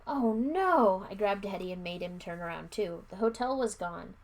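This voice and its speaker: A woman's voice: fairly low pitch, fairly even intonation, brisk, gravelly, darkish tone. A woman doing a live read-aloud of a children's horror book, with casual asides and plain narration. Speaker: livestream book reader.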